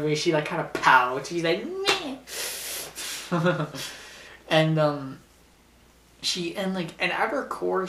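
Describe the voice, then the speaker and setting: A man's voice: fairly high pitch, fairly bright tone. A man hosting a casual top-ten video, rambling with lots of fillers and giggles as he talks through his picks. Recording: roomy, distant from mic.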